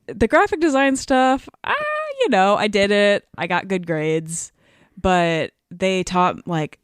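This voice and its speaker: A woman's voice: lowish voice, smooth, no room sound, studio quality. Chatty young woman artist guest. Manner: chatty and quick to laugh. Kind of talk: casual chat.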